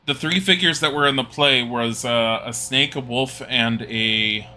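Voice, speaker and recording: A man's voice: mid-range voice, unhurried, pushed and bright, slight background noise. A male streamer playing a horror game live and thinking aloud as he retells a story, rambling with restarts. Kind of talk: game playthrough commentary.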